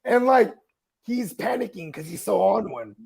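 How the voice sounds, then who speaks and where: A man's voice: high voice, animated, normal speed, vocal fry, darkish tone. A young man casually telling a long, rambling story, swearing and laughing along the way. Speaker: podcast host.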